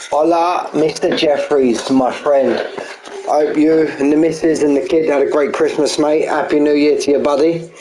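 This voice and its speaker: A man's voice: a little high, fairly even intonation, normal speed, darkish tone, a little hiss or hum, low-quality recording. A man with a Cockney accent hosting a sim-racing league live stream, chatting casually and greeting viewers by name.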